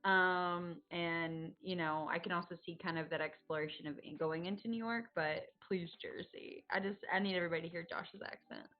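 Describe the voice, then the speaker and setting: A woman speaks up eagerly during tabletop game planning, pleading for her choice. Her slightly low voice sounds a little dull and lo-fi. Faint music plays beneath. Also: fairly even intonation, brisk, hardly any pauses. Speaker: player.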